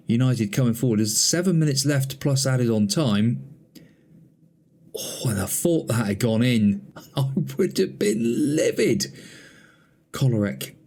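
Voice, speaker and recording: Guy doing pretend football commentary over his game, chatty, gets excited, mid pitch. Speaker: gaming channel host.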